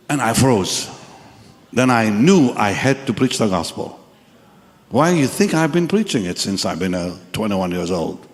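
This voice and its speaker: Dramatic older preacher in an echoey hall. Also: male voice, on the low side, very animated, measured pace. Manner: dramatic, swings from hushed to shouting. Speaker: pastor. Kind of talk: dramatic sermon testimony. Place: large church or crusade hall with congregation.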